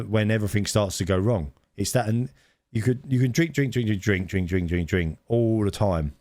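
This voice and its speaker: A middle-aged man co-hosting a podcast, telling an anecdote in a casual, animated way with frequent laughs and restarts. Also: on the low side, no room sound. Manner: animated storyteller, laughs often, many restarts. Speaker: podcast co-host. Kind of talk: casual storytelling chat.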